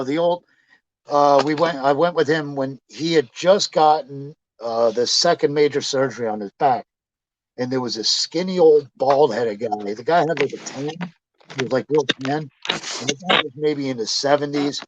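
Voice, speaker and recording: A man being interviewed, casually telling profane, animated stories and acting out what people said. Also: medium pitch, muffled recording, a little hiss or hum. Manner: profane, animated anecdotes with acted quotes. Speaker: interview guest, pro wrestler. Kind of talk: casual storytelling.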